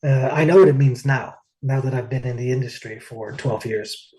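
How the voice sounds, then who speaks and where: Chatty man telling stories, middle pitch. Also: normal speed, warm tone, poor audio. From United States. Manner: rambling, lots of "like" and "uh". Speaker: interview guest, singer. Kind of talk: casual storytelling.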